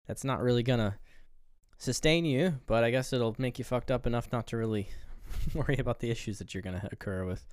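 A man's voice: mid-range voice, a little fast, clean tone, dry recording. A man co-hosting a casual film review chat, rambling through scenes and acting out quoted lines. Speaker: podcast co-host.

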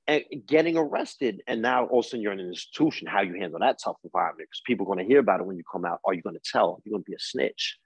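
He's a Brooklyn coach from East New York, in his forties, trading tough life lessons on a podcast in a street-wise, emphatic New York accent. His fairly low, husky voice comes out animated and rapid-fire with few pauses, and there's no room sound.

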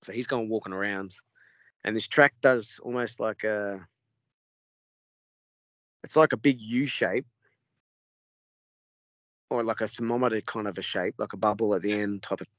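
A man's voice: lowish voice, moderate pace, pauses often, dry recording. Swearing Australian man telling a story. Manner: swears often, rambling and animated. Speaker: podcast guest. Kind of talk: casual storytelling.

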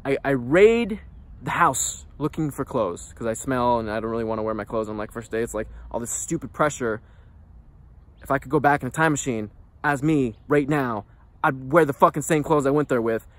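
A man vlogging, telling a candid personal story in a profane, animated, rambling way. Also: medium pitch, moderate pace.

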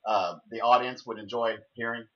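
A man's voice: mid-range voice, steady tone, moderate pace, dull audio. A man hosting an interview, stumbling over his words as he asks questions and thanks his guest. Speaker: podcast host. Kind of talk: casual interview.

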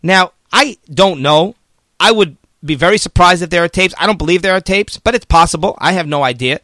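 A man's voice: high-pitched, expressive, brisk, bright, forceful tone, dry recording. A man hosting a political commentary show, talking casually and argumentatively, often mocking the media with quoted voices.

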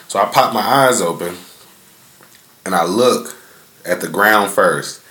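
His voice sits low and moves a little slowly, with frequent pauses and a bright, forceful tone in reverberant surroundings. The young man is hosting a podcast from his front yard, telling a laid-back, profane story that rambles with many fillers.

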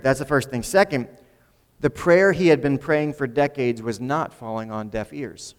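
A man's voice: mid-range voice, moderate pace, in a large hall. A man preaching a sermon in a conversational way, often repeating words as he builds a point. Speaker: pastor.

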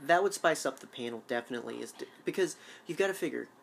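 A man's voice: medium pitch, lively intonation, fast talker, creaky, slight background noise. Eager rambling man co-hosting a fan chat. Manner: rambling, eager, many fillers and restarts. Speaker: show co-host.

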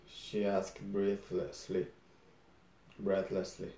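A man narrating a first-person story aloud in a measured, deadpan manner. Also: lowish voice. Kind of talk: first-person audiobook reading. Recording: roomy echo.

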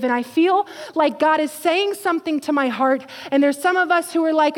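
Woman preacher, high voice, fervent sermon delivery with soft intimate drops, long hall reverb. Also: moderate pace, few pauses. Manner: passionate, rising to fervent exhortation and dropping to quiet intimacy.

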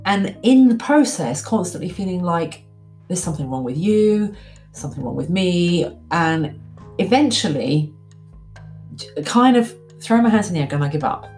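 A woman's voice: on the low side, normal speed, faint music behind. A woman in her forties, candid and reflective, telling a personal story and acting out the things she once told herself. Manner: candid, reflective, animated when quoting her past self. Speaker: speaker.

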